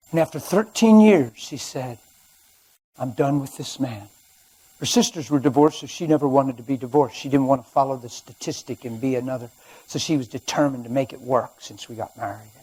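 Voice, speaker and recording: A man preaching a sermon, telling his own story and swinging from hushed to loud. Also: medium pitch, husky, low-quality recording. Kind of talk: sermon testimony. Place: church or studio.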